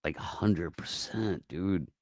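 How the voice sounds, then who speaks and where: A man hosting a casual livestream, talking in a rambling, profane way that swings from mumbled asides to loud outbursts, on a close mic. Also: low-pitched, takes it slowly, dry recording. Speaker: livestream host.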